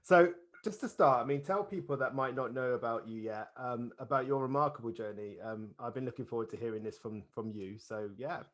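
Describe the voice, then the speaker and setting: A man's voice: medium pitch, fairly quick, few pauses, a bit bright. A middle-aged man hosting a podcast interview, often stumbling over and repeating his words and laughing. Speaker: podcast host.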